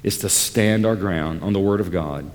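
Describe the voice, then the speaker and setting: A man preaching a sermon as a pastor, speaking deliberately and emphatically and repeating key phrases for weight. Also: low voice, a little mellow, in a large hall.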